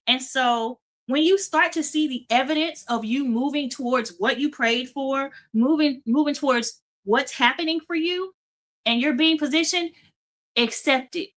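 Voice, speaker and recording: A woman's voice: sits high, measured pace. A woman hosting a faith-based motivational talk show, speaking emphatically and repeating phrases for emphasis. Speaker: host.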